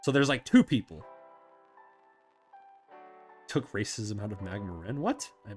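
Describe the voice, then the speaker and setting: Male host, casual Q&A stream, low voice with lively swings, rambling and quick to laugh, faint music behind. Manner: chatty, rambling, self-correcting, laughs often. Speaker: channel host answering viewer questions. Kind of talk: casual live chat.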